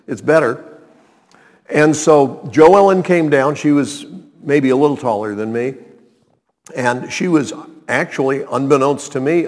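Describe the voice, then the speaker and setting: An older man telling a personal story to a live audience, animated, with sudden emphatic exclamations and wry asides. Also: medium pitch. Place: hall with a seated audience. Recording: long hall reverb, live room.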